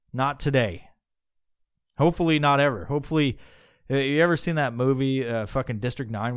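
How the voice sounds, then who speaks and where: With a medium-pitched voice recorded at studio quality with no echo, this podcast host muses aloud in a loose solo ramble. He swears a lot and keeps starting his sentences over.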